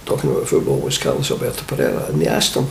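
An older Scottish man, a former football manager, telling lively anecdotes in an interview and acting out the voices of the people in them. The sound is an echoey room with faint hiss. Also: extremely low pitch, rapid-fire, vocal fry. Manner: animated storyteller, acts out quoted voices.

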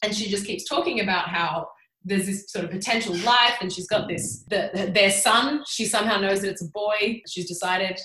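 A young woman casually retelling a book's plot, animated and full of "like," as a podcast co-host. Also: mid-range voice, moderate pace, reverberant, poor audio. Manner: chatty, animated retelling with frequent "like". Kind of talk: casual chat.

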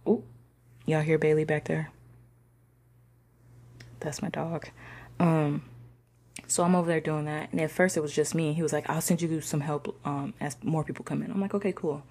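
A young woman telling a personal story in a slangy, conversational way, sometimes dropping into soft whispers. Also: low-pitched, little pitch movement, moderate pace, pauses often, slightly rough. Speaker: discussion participant.

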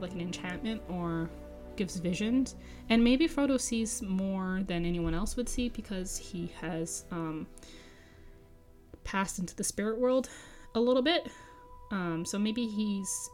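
A woman's voice: medium pitch, darkish tone. A woman hosting a podcast, reading a book aloud and breaking off for chatty, enthusiastic asides full of fillers. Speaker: podcast host and reader. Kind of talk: book reading with casual commentary.

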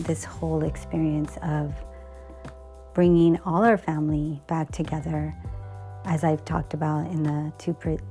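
A woman's voice: deep voice, warm tone. A middle-aged woman hosting a podcast, candidly telling a personal story in a rambling way, full of restarts and fillers.

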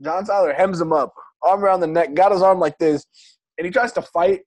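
A male stand-up comedian telling a story in casual chat, animated and swearing, acting out other people's lines. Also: sits high, brisk.

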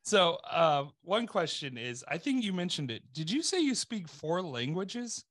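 A man's voice: a little high, sing-song, unhurried, a bit bright. A man co-hosting a podcast, chatting casually and jumping in with jokes. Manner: jokey, interjecting. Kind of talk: casual chat.

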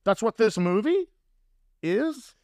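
High-voiced deadpan man, dry studio mic. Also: slow, no room sound. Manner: deadpan absurd jokes. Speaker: comedy podcast co-host. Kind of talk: sketch comedy podcast banter.

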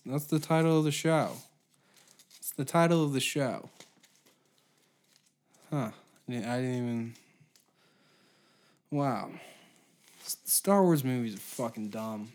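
A man's voice: medium pitch, darkish tone. A man hosting his own podcast, ranting sarcastically with heavy swearing, frequent stutters and restarts. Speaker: podcast host. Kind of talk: casual solo podcast rant.

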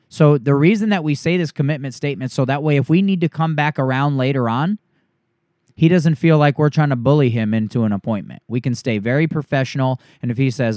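A man coaching trainees through a sales script, switching into the pitch he gives a homeowner. His voice sits in a middle pitch and sounds dry and close, with no room around it. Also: a little fast, a little mellow, no room sound.

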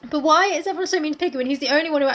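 A young woman in a casual chat, full of teasing jokes and quick comebacks. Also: high voice, fairly bright tone. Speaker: podcast co-host.

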